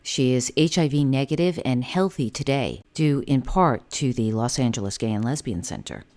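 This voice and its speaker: A woman hosting a podcast, reading scripted introductions in a measured way. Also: very deep voice, lively intonation, darkish tone. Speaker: podcast host.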